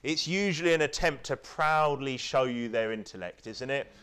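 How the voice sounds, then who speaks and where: A British man preaching a sermon, with lively delivery, stammered restarts and mocking impressions. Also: mid-range voice, moderate pace, smooth. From United Kingdom.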